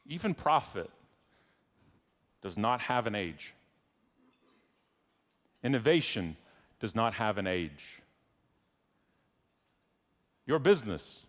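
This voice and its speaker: A middle-aged man with a Canadian accent giving a humorous keynote speech, wry and teasing the audience. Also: lowish voice. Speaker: keynote speaker. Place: large conference hall stage. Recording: long reverb of a large hall.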